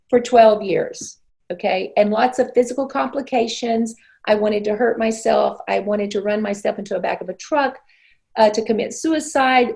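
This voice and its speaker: Woman, 60s, from Arkansas, interview guest; slightly high voice with heavy fry, earnest and reflective. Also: a little mellow. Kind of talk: personal testimony in conversation.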